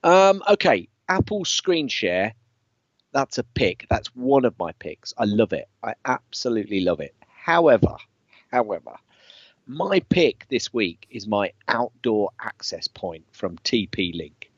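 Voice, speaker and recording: A man's voice: on the low side, sing-song, a little slow, no room sound, highs cut off. A man co-hosting a casual tech podcast, enthusiastic and hesitant with lots of fillers. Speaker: podcast co-host.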